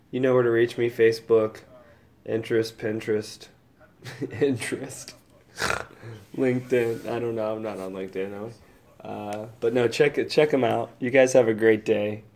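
A married man hosting a casual solo podcast, rambling, swearing freely and thinking out loud as he goes. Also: mid-range voice, vocal fry. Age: adult, old enough to be married. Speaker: podcast host.

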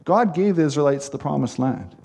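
Man, pastor, sermon, mellow gravelly voice, emphatic. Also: fairly high pitch, animated, brisk. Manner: earnest, emphatic preaching with repeated phrases.

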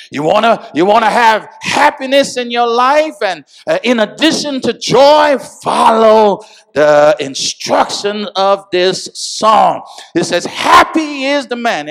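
A man preaching a sermon to a congregation, with call-and-response phrases, rising from calm teaching to shouted emphasis. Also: high voice. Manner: repeats "come on, y'all" and "amen". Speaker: pastor.

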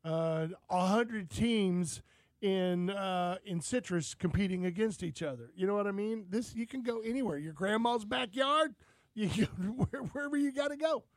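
A man's voice: high-pitched, normal speed, dry recording. A man hosting a talk show, rambling through folksy stories in casual chat. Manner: rambling, folksy, animated storytelling. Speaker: outdoors show host.

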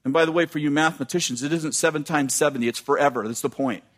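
A man preaching a sermon, reading scripture aloud and breaking off into quick, animated asides to the congregation. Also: on the high side.

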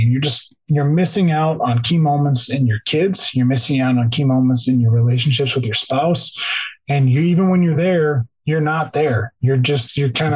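A man's voice: on the high side, normal speed, a little mellow, slightly rough, rough recording. A man who works in law enforcement, a podcast interview guest who explains earnestly and often repeats himself as he talks.

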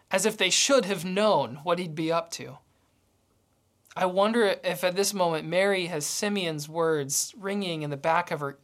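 A woman preaching a sermon, telling a story and acting out its dialogue. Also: lowish voice.

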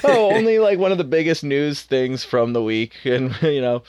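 A man co-hosting a casual sports podcast, excitable and quick to rant, talking late at night. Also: fairly high pitch, no room sound. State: sleepy. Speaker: podcast co-host.

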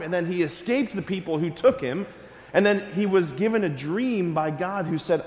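A man who is a priest, giving a lively, conversational homily to children at Mass and asking them questions. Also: sits high. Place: large church. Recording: echoey church hall, from a distance.

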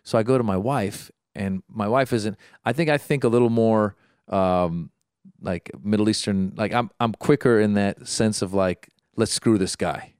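A man telling a story in casual chat, animated, with quick restarts and stammers. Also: fairly low pitch, clear, resonant tone, no room sound, clean studio sound. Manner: animated, acts out the people in his story. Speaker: guest.

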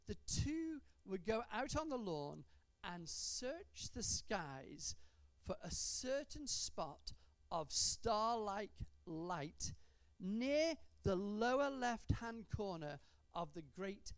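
A woman preaching a sermon in a church, stretching out key words for emphasis and adding gentle humour. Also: mid-range voice, dry recording.

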